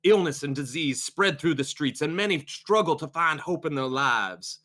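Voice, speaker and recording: A man voicing a slick, charismatic male cult preacher, speaking in a grand, slow, oratorical way during a tabletop role-play. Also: a little high, animated, a bit bright, voice pushed up. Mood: preaching.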